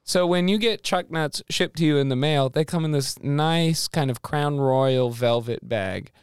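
A man co-hosting a casual comedy podcast, joking and playful with quick quips. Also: on the high side, smooth, no echo, studio quality. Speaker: podcast co-host. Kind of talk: casual chat.

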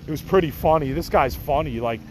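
A man's voice: on the high side, brisk, slight background noise, low-quality recording. A middle-aged man from the Chicago area hosting a podcast, talking in a casual, rambling, profane way and laughing things off. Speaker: podcast host.

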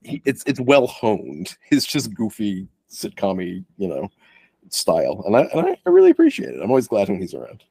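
A man's voice: on the low side, a little fast, gravelly, slightly rough, dry recording. A man co-hosting a podcast, chatting casually about a movie, joking and acting out characters' lines. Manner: animated, joking, acts out lines in silly voices. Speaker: podcast co-host. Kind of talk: casual movie review chat.

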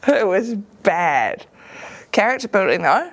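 A woman's voice: fairly high pitch, a little slow. A woman with a New Zealand accent, a comedian and actor telling casual anecdotes in an interview, acting out voices and laughing often. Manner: lively storyteller who acts out voices and laughs often.

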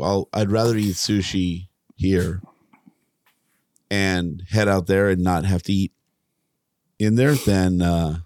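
A man's voice: low voice, darkish tone, no echo, studio quality. A man co-hosting a podcast in casual banter, joking and rambling with lots of restarts. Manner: joking, rambling, self-interrupting. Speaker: podcast co-host.

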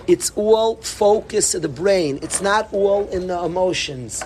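A middle-aged man giving an animated Torah talk to students, repeating himself and bursting into emphatic calls. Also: high-pitched, a little slow, few pauses, slight background noise. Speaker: yeshiva rabbi.

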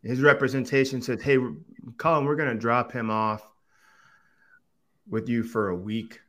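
A man chatting as a guest on a podcast, with a voice sitting at an ordinary middle pitch. He tells stories with lots of energy, jumping up in pitch when he acts out what others said. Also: normal speed. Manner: animated storyteller who acts out quoted voices with big pitch jumps. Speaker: podcast guest, quarterback coach and former TV analyst. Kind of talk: casual podcast conversation.

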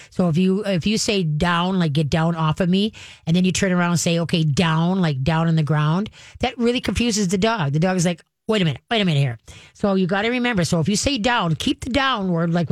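A woman's voice: fairly low pitch, brisk, no room sound, clean studio sound. A woman hosting a call-in radio show, giving folksy, chatty advice on training pets and acting out little voices as she goes.

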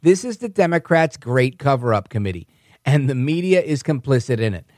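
A man's voice: mid-range voice, big pitch swings, a little fast, darkish tone, dry recording, clean studio sound, lightly acted. A man doing a put-on impression of a boastful older male politician, emphatic and bombastic. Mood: indignant.

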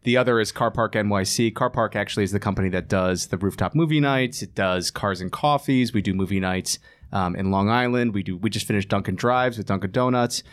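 A man who is a criminal defense lawyer, a guest in a casual interview, explaining in a measured way with dry quips. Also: on the low side.

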